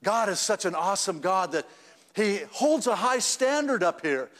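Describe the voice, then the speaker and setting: A man's voice: sits high, sing-song, normal speed, fairly bright tone. Man preaching in an echoing hall. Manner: conversational, repeats and restarts, rises to emphatic peaks. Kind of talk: sermon. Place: church sanctuary.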